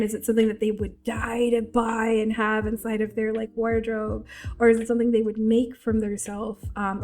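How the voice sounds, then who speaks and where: A woman's voice: fairly high pitch, a little mellow. A congested woman giving a casual tutorial, rambling with lots of fillers and restarts. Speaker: VTuber tutorial creator.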